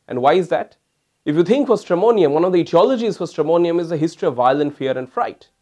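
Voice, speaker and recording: A man's voice: on the high side, a little mellow. A man, a homeopathic doctor, giving a recorded lecture. He calls his listeners "my friends" and acts out how patients stammer.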